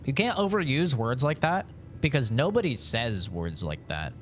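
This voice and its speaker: A man's voice: mid-range voice, very animated, normal speed, a little hiss or hum. A man streaming a game, chatting casually and rambling with jokes to his viewers. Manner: rambling, joking, talks to chat. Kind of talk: casual gameplay chat.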